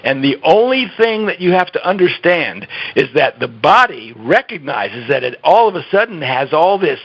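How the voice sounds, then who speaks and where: A man's voice: fairly high pitch, gravelly, a bit bright, husky. A man being interviewed about health habits, talking earnestly and emphatically, laughing often and restarting his sentences. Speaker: guest giving health advice. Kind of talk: conversational interview. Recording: dull lo-fi audio.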